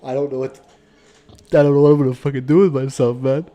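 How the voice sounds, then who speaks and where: A man hosting a casual game livestream, excitable and profane, given to mock-dramatic rants. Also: medium pitch, fast talker. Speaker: streamer host. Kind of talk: casual livestream chat while gaming.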